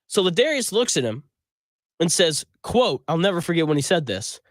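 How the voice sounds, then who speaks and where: A sports radio host with a voice pitched a little high for a man. He talks in a conversational, emphatic way and gives his opinions freely. His studio sound is dry and close, with no room echo. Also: big pitch swings, normal speed. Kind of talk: sports talk radio monologue.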